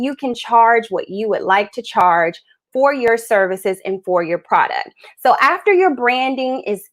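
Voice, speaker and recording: A woman hosting a live business tips stream, upbeat and chatty, a little out of breath. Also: on the high side. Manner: upbeat, chatty, greets viewers as they join. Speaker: host of a business tips livestream. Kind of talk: live-streamed coaching talk.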